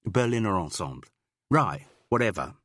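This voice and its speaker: A man voicing a shrewd middle-aged woman amateur sleuth who talks in a brisk, coaxing way with small stammers. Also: lowish voice, big pitch swings, a bit bright, no echo, studio quality.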